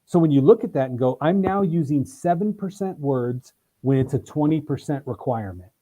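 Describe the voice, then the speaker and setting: Energetic man teaching on a video call. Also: fairly high pitch, brisk, low-quality recording. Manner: energetic, emphatic, acts out examples in voices. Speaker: sales trainer. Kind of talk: interview guest, animated teaching.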